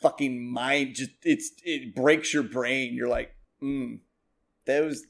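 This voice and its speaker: Male podcast co-host, mid-pitched, rambling and profane, animated storyteller. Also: slow pace, gravelly. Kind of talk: casual chat.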